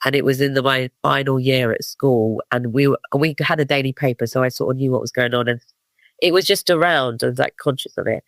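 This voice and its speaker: A man's voice: medium pitch, brisk, fairly bright tone, no echo. A man in his fifties from East London with a London accent, telling rambling stories as a guest, full of fillers and restarts. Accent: London English. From East London, England. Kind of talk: casual storytelling interview.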